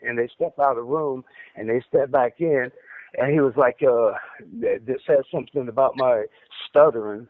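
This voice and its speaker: A man who stutters, telling a long rambling story over a phone call, halting and repeating his words as he goes. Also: mid-range voice, no room sound. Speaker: caller recounting an interrogation. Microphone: phone handset. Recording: tinny dry phone line.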